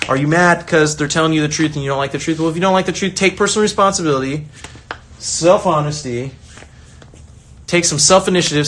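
A man talks in a loose, motivational style, full of energy and quick restarts. His voice sits a little higher than most men's. He often slips into acted-out voices of the people he quotes. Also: fairly bright tone, a little hiss or hum. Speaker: soccer coach and online creator. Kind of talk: casual motivational talk.

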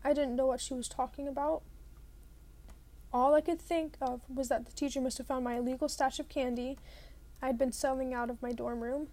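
A woman reading a novel aloud, telling it in a lively first-person way. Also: high voice, moderate pace. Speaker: reader.

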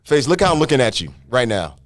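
Lively, animated male podcast co-host. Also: mid-range voice. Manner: animated, teasing, drawn-out emphatic delivery. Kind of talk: casual chat.

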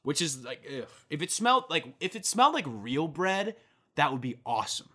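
A man's voice: fairly high pitch, sing-song, moderate pace, sharp tone. A young man co-hosting a casual podcast, joking and swearing, acting out voices in his stories. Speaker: podcast co-host. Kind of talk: casual chat.

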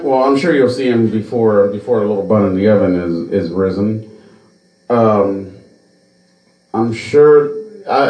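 Animated, profane man telling stories. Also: mid-range voice, echoey room, poor audio. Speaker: podcast host. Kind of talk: casual podcast storytelling.

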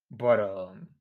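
A man's voice: fairly low pitch, darkish tone. A young man rambling in a tired, frustrated, profane rant, worn out and fatigued. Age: young adult. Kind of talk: casual rant.

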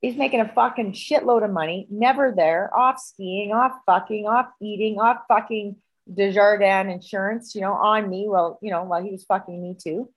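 A woman on a video call telling a personal story in a heated, profane, animated way. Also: mid-range voice, normal speed, rough recording. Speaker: guest.

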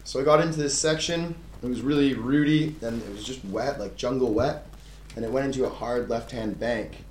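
Australian man telling a lively story. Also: mid-range voice, moderate pace. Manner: animated storytelling, acts out quoted voices, laughs often. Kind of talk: casual podcast chat. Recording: echoey room with faint noise.

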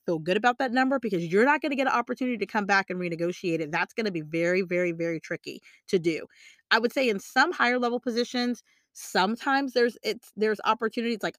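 Her mid-range, fairly bright voice comes through clean and studio-quality, without any room sound. As a career coach, she speaks emphatically and motivationally about negotiating pay, circling back to key phrases and regularly checking in with tag questions.

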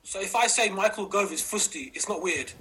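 Fields: Man. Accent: Cambridgeshire. Pace: quick. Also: high-pitched. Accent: Cambridgeshire English. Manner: warmly agreeing, playful mock confusion. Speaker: podcast host. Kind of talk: casual chat.

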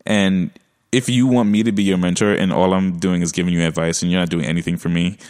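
A man with a Brooklyn accent, a podcast guest speaking in a relaxed, chatty way who often ends his points with "right?". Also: sits low, fast talker. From Brooklyn, New York. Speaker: guest, company co-founder. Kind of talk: casual podcast conversation.

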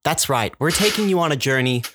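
A man's voice: fairly high pitch, lively intonation, brisk, a bit bright, dry recording. A man co-hosting a comedy podcast in a grandiose, mock-solemn patriotic tone. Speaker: podcast co-host.

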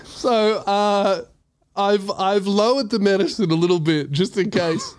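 A man's voice: high voice, fairly even intonation, a little slow, dry recording. A young Australian man hosting a podcast, telling a story in casual chat, swearing and acting out his own reactions. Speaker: podcast host.

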